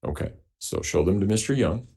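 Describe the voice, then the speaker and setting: A man presiding as judge in a courtroom, giving measured, formal instructions. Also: deep voice, animated, vocal fry, dark tone. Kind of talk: courtroom procedure. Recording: distant courtroom audio.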